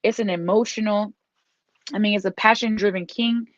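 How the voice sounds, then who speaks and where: A woman's voice: mid-range voice, steady tone, normal speed, dry recording. A woman giving a casual tarot reading. She is encouraging and repeats herself, and now and then she breaks off to scold her dog. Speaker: tarot reader. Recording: dull lo-fi dry recording.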